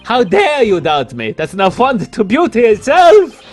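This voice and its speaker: A man's voice: extremely high pitch, wildly swooping pitch, normal speed, faint music behind, pitched above the performer's own voice, heavily acted. A man voicing a vain, flamboyant male dandy in a video game, speaking pompously and theatrically. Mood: haughty. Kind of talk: reading game dialogue aloud.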